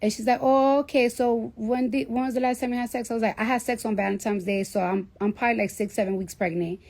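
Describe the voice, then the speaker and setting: Animated, profane New woman. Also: a little high, fast. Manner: profane, animated, acts out quoted voices. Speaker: rapper telling a story to listeners. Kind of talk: casual storytelling, livestream-like.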